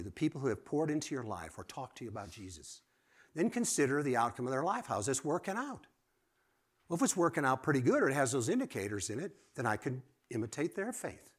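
Lively male preacher, swinging loud and soft. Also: medium pitch. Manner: lively, rising to exclamations and dropping to quiet asides; asks the audience direct questions. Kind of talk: sermon.

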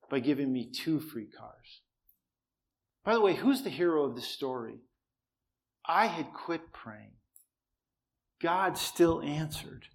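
A man preaching, telling a personal story in an easy, conversational way with dry humor; he says he cannot raise his voice. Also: fairly high pitch. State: cannot shout, voice strained.

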